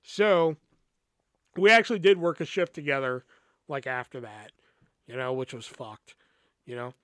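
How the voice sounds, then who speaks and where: A man's voice: medium pitch, a little slow, clear, resonant tone, dry recording, studio quality. A man hosting a podcast, telling a personal story in a casual, profane, rambling way. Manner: profane, rambling, animated retelling. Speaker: podcast host.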